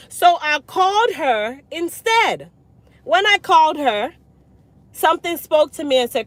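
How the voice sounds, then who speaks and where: Jamaican woman ranting a storytime, blunt, high voice, patois slips. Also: very animated, measured pace, a bit bright, dry recording. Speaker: hair care business owner. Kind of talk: storytime vlog.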